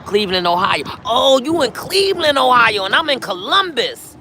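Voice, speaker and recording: A middle-aged New York woman hosts a casual outdoor live stream on a city street, chatting straight to her viewers and tossing out plenty of "y'all." Her voice is a little high and sing-song at a normal speed, with a crowd audible behind her.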